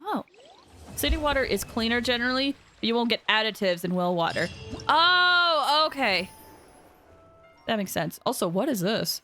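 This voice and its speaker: A woman's voice: a little high, big pitch swings, moderate pace, sharp tone, soft background music. A young woman streaming a video game, chatting casually and rambling with lots of fillers. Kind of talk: casual live-stream chat.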